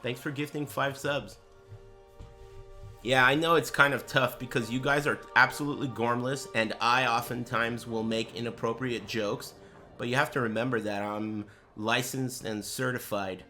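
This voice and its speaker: A man's voice: medium pitch, steady tone, moderate pace, sharp tone, faint music behind. A man streaming live, chatting casually with crude, joking, rambling banter. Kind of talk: casual livestream chat.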